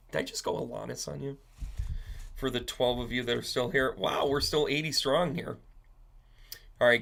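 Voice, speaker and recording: Gravelly blunt-talking man. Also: mid-range voice, fairly bright tone. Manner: blunt and profane, given to rants. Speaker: psychic medium hosting a live stream. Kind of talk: casual live-stream talk to viewers.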